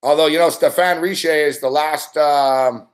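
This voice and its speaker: A man's voice: fairly high pitch, fairly even intonation, moderate pace. A man hosting a late-night sports talk stream, ranting in a rambling, profane way and reading out chat between laughs. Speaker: sports talk show host.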